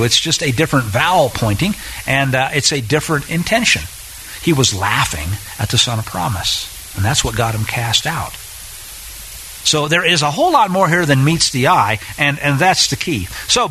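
A man preaching a sermon in an emphatic, animated way, with sarcastic asides. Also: on the high side, a little hiss or hum, poor audio.

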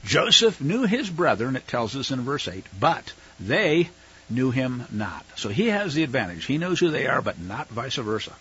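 A husky, raspy man teaches scripture in an easygoing, chatty manner, his voice bright and animated. The recording sounds dull and lo-fi. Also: mid-range voice, normal speed. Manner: conversational, explaining, with fillers and asides. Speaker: Bible teacher. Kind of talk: casual verse-by-verse Bible teaching.

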